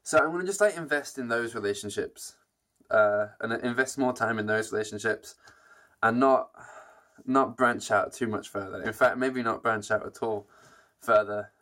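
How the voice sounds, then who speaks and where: A man's voice: mid-range voice, normal speed, a bit bright. A young man vlogging to his camera in a rambling, reflective way, with many fillers and restarts. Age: young adult. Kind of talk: casual talk to camera.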